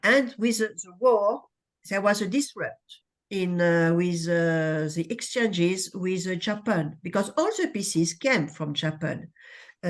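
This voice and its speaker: A woman with a French accent, a native French speaker, moderating a conference session in halting English with many uhs and restarts. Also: medium pitch.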